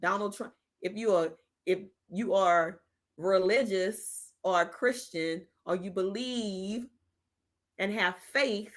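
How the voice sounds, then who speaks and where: A woman's voice: medium pitch, slow pace. A woman hosting a casual political livestream, reading viewer chat and answering it bluntly with slangy sass. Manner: sassy and blunt, slangy talk with "child", "honey", "okay?". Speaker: host of a live political talk stream.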